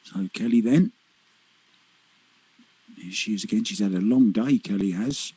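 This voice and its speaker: Male color commentator for pool, low and raspy, laid-back quips between shots. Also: unhurried, no echo, poor audio. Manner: relaxed, joking, short reactive remarks on play. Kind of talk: live sports commentary.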